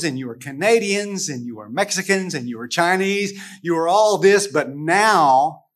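A man's voice: high-pitched, a bit bright. A man from the United States teaching a casual Bible lesson to a group, talking conversationally with frequent restarts and rhetorical questions.

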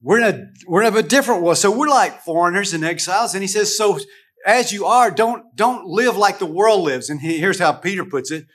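A man from the United States leads a relaxed Bible lesson for a small group. His voice sits noticeably high for a man, and he talks in a loose, conversational way. He often restarts his sentences and poses rhetorical questions to the class. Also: fairly quick. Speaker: Bible study teacher.

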